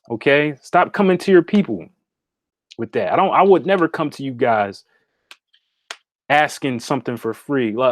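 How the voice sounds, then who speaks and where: A man's voice: mid-range voice, animated, unhurried, long pauses, no echo, studio quality. A man hosting a casual livestream from his home meditation room, talking straight to viewers and often checking in with "okay?". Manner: direct, repetitive, asks "okay?" often. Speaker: livestream host and spiritual consultant.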